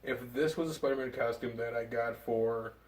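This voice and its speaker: Brief: rambling, excited male co-host, medium pitch, recorded from a distance in a roomy space. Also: normal speed. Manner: excited, rambling with fillers and laughs. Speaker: movie review co-host. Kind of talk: casual chat. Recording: roomy, from off the mic.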